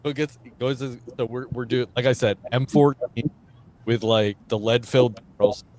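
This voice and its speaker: A male veteran guest telling an army anecdote in casual chat, animated and coarse, laughing at his own stories. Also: mid-range voice, normal speed. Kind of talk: casual storytelling.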